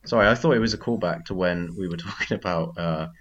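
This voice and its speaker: A man's voice: low-pitched, quick pace, a bit bright, muffled recording. A man co-hosting a podcast who wanders into rambling tangents and corrects himself. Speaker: podcast co-host. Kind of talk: casual chat.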